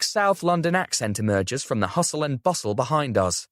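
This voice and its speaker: Young man, audiobook narrator, first-person, expressive, lively pitch, dry sound. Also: moderate pace, hardly any pauses, dry recording. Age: young adult. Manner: expressive storytelling.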